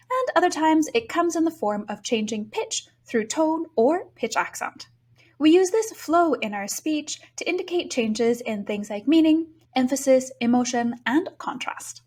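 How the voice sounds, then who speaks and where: A bicultural Japanese woman, a language teacher, explaining pronunciation in a clear, explanatory lesson. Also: sits high, darkish tone.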